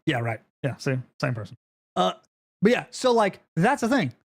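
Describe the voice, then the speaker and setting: A man streaming live and ranting with profanity, swinging between yelling and low grumbling, with frequent repeats and restarts. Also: big pitch swings, moderate pace, gravelly. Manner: repeats phrases and stumbles over restarts.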